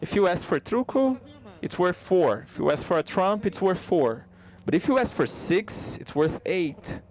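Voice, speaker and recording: A man giving a live spoken interpretation of a stand-up comedy set, conversational and halting, with frequent restarts. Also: high voice, sing-song, darkish tone, slight background noise.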